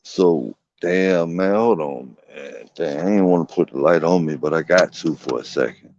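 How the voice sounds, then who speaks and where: A man's voice: extremely low pitch, moderate pace, darkish tone, slight background noise. A man streaming from home, telling a long, rambling story in casual, slangy, profane talk. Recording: dull, dry lo-fi stream audio.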